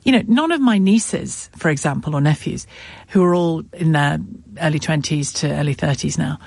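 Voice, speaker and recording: A woman's voice: low voice, gravelly, no room sound. A woman from Liverpool with a northern accent, talking frankly and animatedly as a radio presenter. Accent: northern English, Liverpool. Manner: frank, animated, quick to laugh. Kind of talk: casual radio chat. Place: radio studio.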